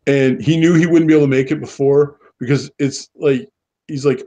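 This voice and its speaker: A man's voice: mid-range voice, fairly even intonation, moderate pace, warm tone. A Canadian man co-hosting a casual podcast chat, rambling and acting out quoted dialogue. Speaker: podcast co-host.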